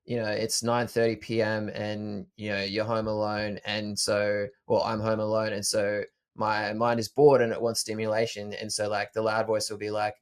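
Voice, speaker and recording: Low-voiced man, thoughtful podcast host. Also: moderate pace, few pauses, smooth. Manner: thoughtful, self-correcting, calm. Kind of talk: reflective conversational chat.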